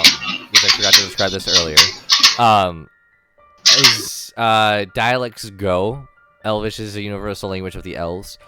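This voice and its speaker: A man running a tabletop game as dungeon master, rambling with lots of ums and self-corrections. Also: fairly low pitch.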